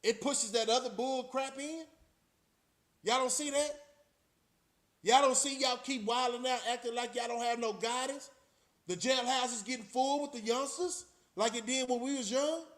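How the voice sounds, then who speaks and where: Middle-aged man, high voice, profane, casual storytelling to viewers. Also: moderate pace, fairly bright tone. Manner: streetwise, profane, talks straight to the audience. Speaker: channel host.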